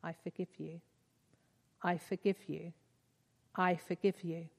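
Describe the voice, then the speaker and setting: A woman's voice: lowish voice, measured pace. A woman reading the lines of a grieving father, pleading and questioning. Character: grieving father struggling to forgive. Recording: reverberant hall.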